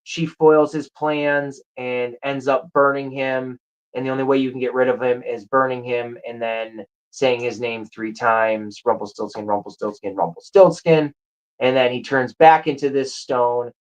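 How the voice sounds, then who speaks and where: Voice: mid-range voice, little pitch movement, a little slow, clear, resonant tone, poor audio. A show host chatting casually and enthusiastically about a movie, rambling with frequent restarts. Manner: rambling, enthusiastic, with self-corrections. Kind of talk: casual chat.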